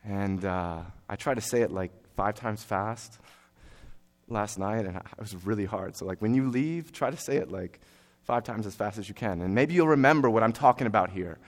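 A man's voice: fairly low pitch, moderate pace. Earnest young male preacher. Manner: earnest, rising to forceful exhortation; conversational asides with fillers. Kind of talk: sermon.

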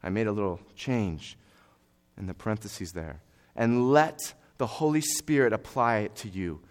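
A young man preaching a sermon, earnest and conversational with fillers, building to forceful exhortation. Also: on the low side, normal speed.

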